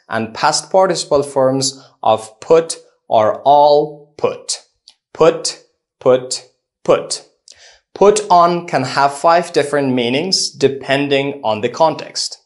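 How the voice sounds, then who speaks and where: A man teaching an English phrasal verb lesson, reading out explanations and lists of example sentences slowly and deliberately. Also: fairly high pitch. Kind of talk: scripted lesson narration.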